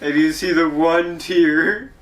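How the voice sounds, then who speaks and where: A man's voice: fairly high pitch, a little hiss or hum, poor audio. A man co-hosting a casual movie review, retelling scenes with laughter. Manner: slow, animated, laughing storyteller. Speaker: podcast co-host.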